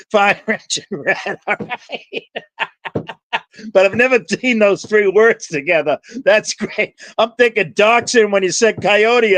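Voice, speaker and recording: A man's voice: high-pitched, a bit bright, no room sound. A man hosting a livestream, chatting with viewers by name in a rambling, profane, jokey way. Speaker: livestream host.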